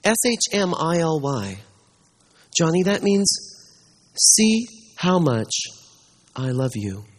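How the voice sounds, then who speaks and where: A man doing a kindly old pastor, soft and hushed. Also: on the high side, very animated, heavily acted. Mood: wistful. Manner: soft, slow and hushed, with halting repeats. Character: kindly older male pastor, tender and gentle.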